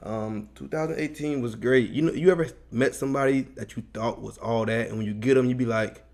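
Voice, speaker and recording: A man's voice: medium pitch, brisk, darkish tone. A man co-hosting a podcast, chatting casually and laid-back in slang. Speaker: podcast co-host. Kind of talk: casual chat.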